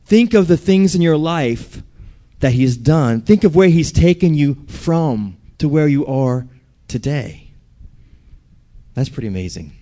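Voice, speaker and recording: A man's voice: fairly high pitch, expressive, unhurried, warm tone. A man preaching a sermon, telling a personal story and asking the audience questions.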